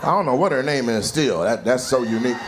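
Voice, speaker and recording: A man doing stand-up crowd work on a club stage, loud and mocking, swearing freely. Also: medium pitch, lively intonation, quick pace, noisy background. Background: laughing audience.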